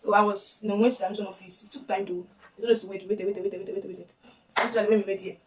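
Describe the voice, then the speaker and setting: A woman's voice: mid-range voice, steady tone, rapid-fire. A young woman with a Nigerian accent telling a personal story to camera, emotional and often repeating her words. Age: young adult. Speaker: vlogger. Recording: distant mic with faint background noise.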